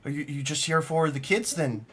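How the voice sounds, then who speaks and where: A man's voice: on the high side, normal speed, slightly rough. A man voicing an old, polite male gnome prisoner who stammers and hesitates a lot. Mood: hesitant.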